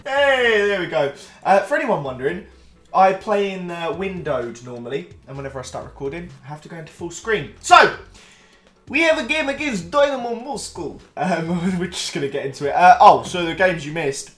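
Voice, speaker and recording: A young man giving casual, self-deprecating commentary while playing a football management game, swinging from loud bursts to mutters. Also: on the high side, animated, fairly quick, echoey room, faint music behind. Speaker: gaming YouTuber.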